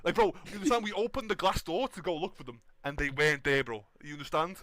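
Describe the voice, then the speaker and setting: Man, high pitch, animated storytelling, repetitive filler tags, excitable. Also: fast, no room sound. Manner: excitable, repeats filler tags like bro and you understand. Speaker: storyteller in a played clip. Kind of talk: animated anecdote telling.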